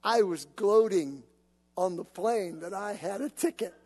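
A man preaching a sermon, telling stories in an animated, conversational way. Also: sits high, a little slow, breathy edge. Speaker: pastor. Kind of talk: sermon with personal storytelling. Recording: long reverb of a large hall.

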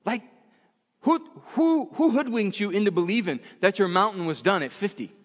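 A high-pitched male preacher delivers a sermon, pressing points by repeating them and restarting phrases mid-thought. His voice rings out with a long reverb from a church hall. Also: expressive, moderate pace. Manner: emphatic, repetitive, frequent restarts.

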